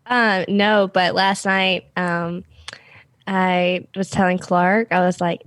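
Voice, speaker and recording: A Southern woman with a Southern accent chats casually as a podcast guest, giggly and poking fun at herself, using a camera and microphone mailed to her home. Her voice is on the low side, flat, slow and a bit bright, with no room sound.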